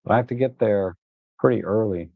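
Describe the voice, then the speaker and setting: A fairly low, gravelly and husky man's voice moves fairly quickly as he hosts a photography livestream, casually rambling about his shots with frequent "uh"s and false starts. Complaints get him animated and exasperated, mixed with laughs, in dry, narrow, phone-like audio.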